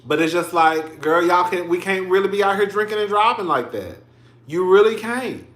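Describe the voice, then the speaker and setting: In his thirties, this man hosts casual livestream commentary in a high-pitched, fairly bright voice at normal speed. He's chatty and emotional, tearing up on stream and addressing viewers as "girl" and "y'all," with reverberant audio.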